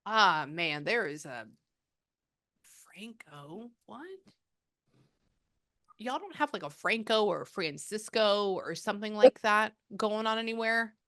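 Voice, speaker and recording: A woman's voice: mid-range voice, lively intonation, a little slow, bright, forceful tone, dry recording, clean studio sound. A woman from Texas, working as a spiritual medium in a reading session over a video call. She talks in a chatty, rambling way and keeps breaking off to say "hold on.". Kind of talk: live reading session with a client.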